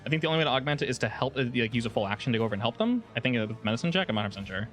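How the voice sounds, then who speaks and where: Man running a tabletop game, relaxed, joking, full of ums, mid-pitched voice, soft music behind. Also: racing. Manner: relaxed and joking, with many filler words. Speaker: game master.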